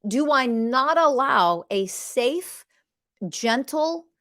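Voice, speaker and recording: A woman's voice: high voice, animated, very slow, a bit bright. A woman hosting a podcast who teaches about relationships in an impassioned monologue, blunt and emphatic, swearing freely and acting out what partners say.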